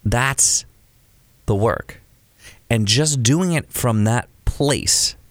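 A man's voice: mid-range voice, very slow, dry recording, clean studio sound. A man co-hosting a casual conversation about creative careers, who talks his points through and acts out examples. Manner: animated, acts out quoted examples. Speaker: podcast co-host.

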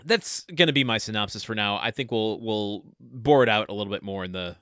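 A man's voice: lowish voice, expressive, quick pace, pushed and bright, no room sound, clean studio sound. A man co-hosting a podcast, giving a casual movie review with a wry, sarcastic manner. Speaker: podcast co-host.

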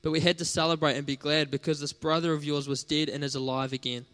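Higher-voiced man preaching a sermon. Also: level tone, fast talker, fairly bright tone. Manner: conversational, storytelling with fillers.

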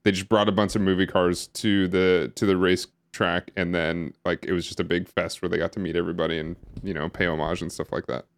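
A man's voice: low voice, little pitch movement, fairly quick, hardly any pauses. A man co-hosting a podcast in casual chat, rambling and hesitant with lots of fillers and restarts. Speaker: podcast co-host. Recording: live stream podcast recording.

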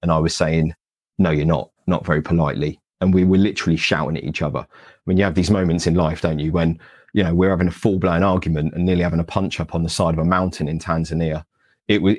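A British-accented man with a low, slightly mellow, husky voice is a Paralympian guest speaker in an interview. He tells his story animatedly, acting out past conversations in a self-deprecating way.

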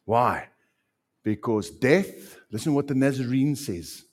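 A man preaching a sermon as pastor, animated and repeating phrases for emphasis. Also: medium pitch, slow pace.

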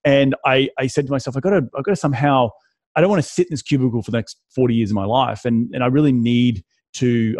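A quick, chatty Australian man in his thirties, talking as an interview guest with plenty of restarts. His voice is mid-pitched and sounds close and dry, with no room around it. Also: a little mellow, no room sound. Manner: fast, chatty, frequent restarts. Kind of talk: casual interview storytelling.

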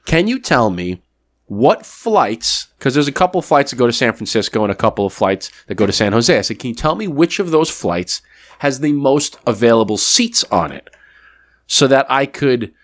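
A man's voice: mid-range voice, sing-song, moderate pace, no echo, studio quality. A man co-hosting a podcast, telling a story in casual chat and acting out both sides of a phone call. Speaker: podcast co-host.

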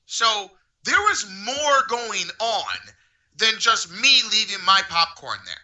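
A man co-hosting a podcast, telling a story with excitement and acting out quoted speech. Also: high voice, slow pace. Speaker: podcast co-host. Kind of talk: animated storytelling.

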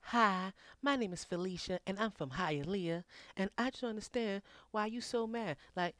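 A man's voice: sits high, moderate pace, a bit bright, dry recording, studio quality. A man voicing a young woman caller who asks blunt, puzzled questions in a comedy sketch. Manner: questioning, casual.

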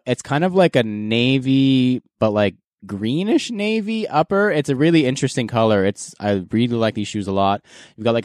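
A man's voice: on the low side, clean tone, no echo, studio quality. A man hosting a casual podcast, moving the talk along and reviewing sneakers in an easygoing way. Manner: relaxed, hosting and giving sneaker reviews with laughs. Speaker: podcast host.

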